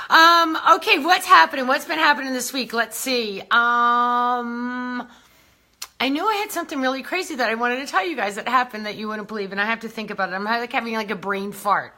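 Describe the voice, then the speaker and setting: A woman's voice: a little high, a little fast, sharp tone. A woman hosting a casual beauty livestream, chatting and greeting viewers by name, a little out of breath. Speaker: beauty brand host.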